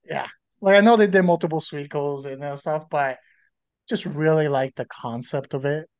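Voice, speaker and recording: A man's voice: on the high side, moderate pace, a little mellow, clear, resonant tone. A man co-hosting a podcast in casual chat, rambling with fillers and restarts. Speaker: podcast co-host.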